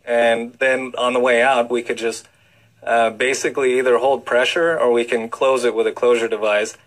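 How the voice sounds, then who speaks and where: A man's voice: medium pitch, little pitch movement, normal speed, rough recording. A man, a heart doctor, talking enthusiastically as a guest on a radio interview, full of fillers and restarts. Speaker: cardiologist guest.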